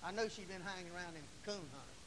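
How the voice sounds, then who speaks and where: A male Pentecostal preacher, folksy and fiery, preaching a sermon in church and shouting hallelujahs. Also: high-pitched, quick pace. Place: church sanctuary. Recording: long church reverb, faint hiss.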